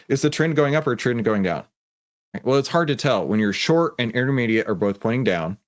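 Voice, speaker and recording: A man's voice: medium pitch, no echo, studio quality. A middle-aged man with a Texan accent hosts a livestreamed trading room, talking casually with lots of fillers. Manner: casual and chatty, many fillers.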